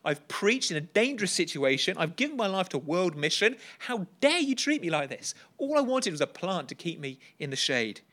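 A man's voice: high-pitched, big pitch swings, fairly quick, few pauses, sharp tone, pitched above the performer's own voice, heavily acted. A man preaching and voicing an indignant, self-righteous male prophet in an aggrieved, complaining tone.

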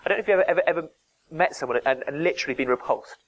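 A man's voice: a little high, very fast, muffled recording, a little hiss or hum. A man preaching a sermon, earnest and emphatic, dropping to near-whispers to stress a point.

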